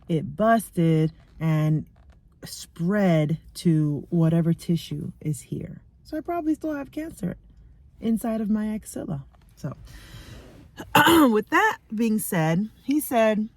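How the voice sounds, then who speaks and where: A middle-aged woman talking candidly in a chatty personal video diary, sometimes dropping into soft asides. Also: lowish voice, no room sound. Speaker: vlogger. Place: sitting in a parked car.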